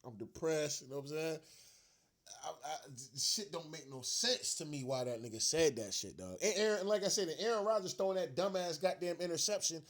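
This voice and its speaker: Man, fan rant, profane slang, frustrated, lively swinging pitch, somewhat high voice. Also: fairly quick. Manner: profane, repetitive, slangy, laughing in disbelief. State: upset and frustrated. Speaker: sports rant vlogger.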